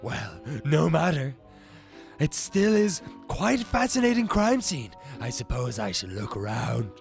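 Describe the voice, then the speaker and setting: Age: adult. Sex: man voicing a morbid pigeon doctor. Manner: slow deadpan. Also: medium pitch, creaky, faint music behind.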